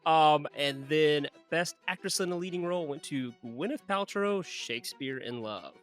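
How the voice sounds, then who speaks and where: A young man co-hosting a movie podcast, animated and jokey, laughing often as he chats. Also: a little high, normal speed, soft background music. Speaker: podcast co-host. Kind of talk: casual movie podcast chat.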